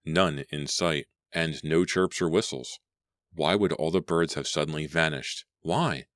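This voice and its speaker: A man narrating a horror audiobook with a slow, suspenseful reading. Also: extremely low pitch, dry recording, clean studio sound.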